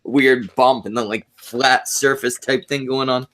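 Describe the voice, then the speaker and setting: A man co-hosting a casual podcast from a home mic, trading crude jokes in a halting, deadpan way full of fillers and restarts. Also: mid-range voice. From Canada. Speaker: podcast co-host.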